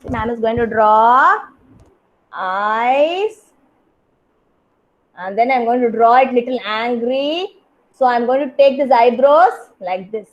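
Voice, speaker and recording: A woman's voice: fairly high pitch, slow pace, long pauses, lo-fi sound. A young woman with an Indian English accent, teaching a kindergarten craft class over a video call and praising each child by name. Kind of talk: online class instruction.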